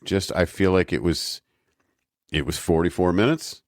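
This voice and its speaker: A man's voice: sits low, moderate pace, dry recording. A man co-hosting a podcast, laid-back and joking, chiming in during a casual chat. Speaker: podcast co-host.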